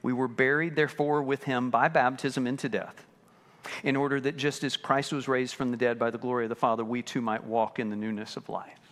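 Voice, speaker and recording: A pastor preaching a sermon with lively delivery, acting out the voices of people he quotes. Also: medium pitch, a little fast, long reverb tail. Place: church sanctuary.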